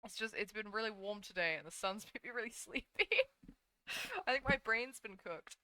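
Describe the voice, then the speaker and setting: Young woman streamer, bright voice, sleepy chatty talk, dry close sound. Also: mid-range voice, animated, moderate pace, no room sound. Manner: chatty, sleepy, yawning, swears casually. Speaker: VTuber streamer. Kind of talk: casual live-stream chat while drawing.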